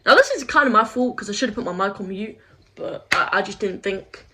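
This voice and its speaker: A woman's voice: mid-range voice, animated, fairly quick, sharp tone, slight background noise, low-quality recording. A young woman vlogging casually, venting in a frustrated, rambling way, swearing often and filling her speech with "like". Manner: frustrated, rambling, swears, heavy use of 'like'. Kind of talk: casual vlog rant.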